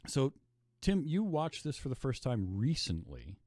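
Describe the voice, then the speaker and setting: A man's voice: medium pitch, wildly swooping pitch, unhurried, a little mellow, dry recording, studio quality. A man hosting a podcast, chatting casually about a film and acting out his own reactions as he tells it. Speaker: podcast host.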